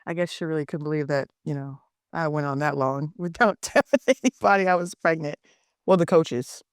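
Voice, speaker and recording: A woman's voice: low-pitched, fairly quick, dry recording, clean studio sound. A young adult woman, a guest on a casual podcast interview, telling stories animatedly and laughing often. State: pregnant. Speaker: guest, softball pitcher.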